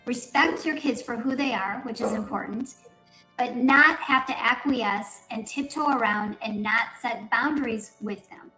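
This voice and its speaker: A woman speaking in a measured, instructive way, giving advice to parents in a played clip. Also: on the high side, pushed and bright. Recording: clip with room echo, faint music.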